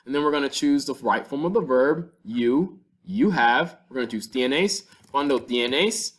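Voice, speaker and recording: A man teaches a Spanish lesson in a classroom style. He talks patiently through each example and slows down to sound out the Spanish words. His voice sits at an ordinary middle pitch. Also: animated. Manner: patient, step-by-step explaining with slowed-down Spanish examples.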